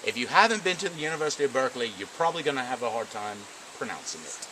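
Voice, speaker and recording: A man's voice: mid-range voice, big pitch swings, very fast, noisy background, natural voice. A man playing a pompous, touchy self-styled male Sasquatch expert in an improvised comedy, recorded outdoors on a camera mic. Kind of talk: improvised comedy role-play. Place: outdoors in the woods.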